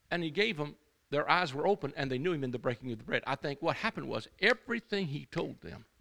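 Man, preacher, sermon, high lively voice, gravelly edge, bright tone, call-and-response. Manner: exhorting call-and-response, swings from shouting to quiet storytelling; rambling asides, acts out quoted speakers.

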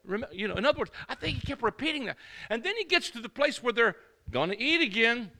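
A male preacher delivers a sermon in a church service with a high, swooping voice. A gravelly fry roughens his bright, sharp tone. He rouses the congregation with call-and-response, then drops into quieter storytelling and rambling asides. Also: very animated, quick pace. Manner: rambling asides, acts out quoted speakers.

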